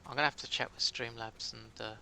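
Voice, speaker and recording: A man's voice: medium pitch, steady tone, quick pace, creaky, sharp tone, a little hiss or hum. A British man chatting casually with his live-stream chat while playing a game, joking at his own expense. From Britain.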